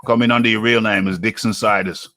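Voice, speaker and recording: A man's voice: fairly low pitch, steady tone, pushed and bright, no echo. A man hosting a live boxing talk show, chatty and teasing. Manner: chatty, teasing, quick asides. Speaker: host.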